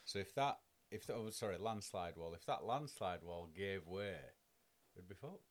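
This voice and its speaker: A man's voice: low voice, lively intonation, normal speed. A man, co-hosting a podcast in casual chat, blunt and teasing, swearing freely. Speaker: podcast co-host.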